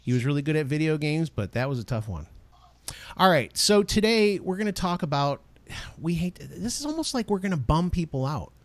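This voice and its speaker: Middle-aged male podcast co-host with a lively, higher voice and a dry sound, animated and playful. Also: a little fast, no echo. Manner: animated, acts out quotes in exaggerated voices. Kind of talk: casual podcast chat.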